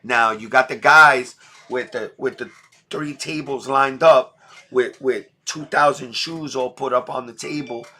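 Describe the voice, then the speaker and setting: A man's voice: mid-range voice, measured pace, sharp tone. Blunt New man on a livestream. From New York. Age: middle-aged. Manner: blunt, repetitive street slang. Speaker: livestream host. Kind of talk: emotional casual livestream talk.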